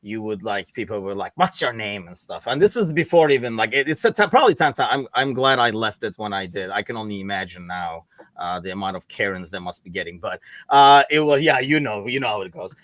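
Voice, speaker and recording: Lively joking podcast host man. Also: fairly low pitch, quick pace, no room sound. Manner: lively, joking, loose and profane. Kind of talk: casual podcast chat.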